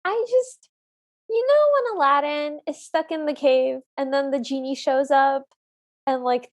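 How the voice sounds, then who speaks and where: A woman's voice: high voice, a little mellow. A woman co-hosting a podcast in casual chat, earnest and openly opinionated about what she likes and dislikes. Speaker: podcast co-host.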